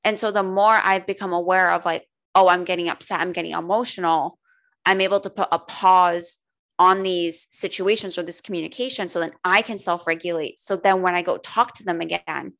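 A woman's voice: on the low side, fairly even intonation, normal speed, creaky, fairly bright tone. A woman coach talking candidly in a casual podcast conversation, swearing freely and saying "like" a lot. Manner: candid, frequent swearing and filler "like". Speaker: holistic coach guest.

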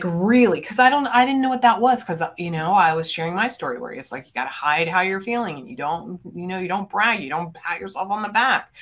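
Direct, emphatic middle-aged woman coach. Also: on the low side. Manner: direct, emphatic, swears casually. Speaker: business coach and podcast host. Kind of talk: motivational podcast monologue.

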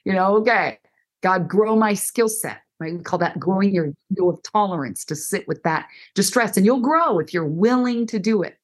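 A middle-aged woman counselor explaining listening skills in conversation, animated and acting out example dialogues. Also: mid-range voice, normal speed. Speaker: counselor and guest. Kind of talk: conversational teaching.

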